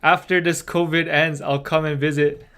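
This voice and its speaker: A man's voice: a little high, little pitch movement, moderate pace, a bit bright, clean tone. A young man from Canada, teaching Korean in a casual, chatty livestream and laughing often. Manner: chatty, laughs often, reads chat aloud.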